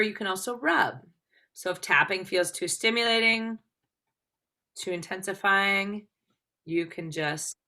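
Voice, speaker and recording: Female instructor, bright tone, chatty teaching with frequent check-ins. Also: mid-range voice. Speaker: tapping class teacher. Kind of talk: live class instruction.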